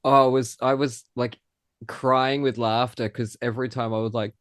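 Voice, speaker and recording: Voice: medium pitch, level tone, normal speed, no echo, clean studio sound. A podcast host asking a guest questions in a chatty, casual way. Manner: chatty, laughing at own stories. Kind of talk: casual interview chat.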